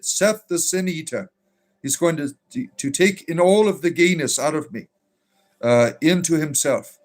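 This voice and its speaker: A man hosting a casual livestream as a druid bard, joking with chat and giving blessings. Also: fairly high pitch. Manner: joking, reacts to chat messages, blesses viewers. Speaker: livestream host reading chat.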